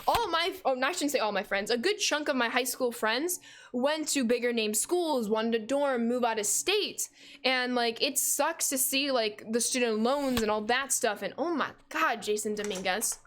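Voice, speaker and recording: Young american girl streaming games, loud outdoor voice, kinda high, chatty and laughing at chat. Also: expressive, normal speed. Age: 20s. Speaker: gaming streamer. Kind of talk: casual livestream chat while playing.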